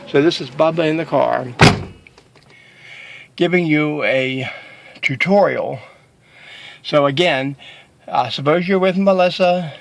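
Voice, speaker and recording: Chatting casually with his viewers, a vlogger rambles, jokes and digresses while telling a story in a raised, gravelly voice with fairly high pitch. He records in a parking lot, then in his parked car, with faint outdoor noise behind him, and the audio quality is poor.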